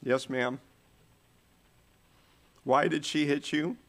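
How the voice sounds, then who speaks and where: A man's voice: a little high, fairly even intonation, takes it slowly, fairly bright tone. A man preaching a sermon, telling stories with shifting volume and pace.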